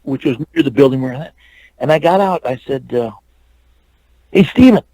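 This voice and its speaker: A man's voice: mid-range voice, fairly quick, mellow, no room sound, rough recording. A man in his sixties from California, an interview guest telling a long anecdote and acting out the dialogue, with many fillers and restarts. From California, USA.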